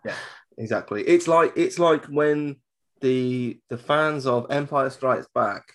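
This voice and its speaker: A man's voice: mid-range voice, takes it slowly, fairly bright tone. A man from southern England, co-hosting a casual podcast chat, jokey and prone to restarting his sentences. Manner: chatty, jokey, repeats himself when restarting. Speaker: podcast co-host.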